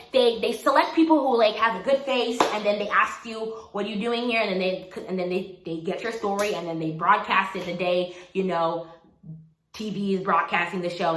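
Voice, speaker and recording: A woman's voice: medium pitch, fairly bright tone. A woman in her twenties telling a personal story in a casual, chatty way, calling the listener girl and honey. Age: 20s. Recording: roomy echo.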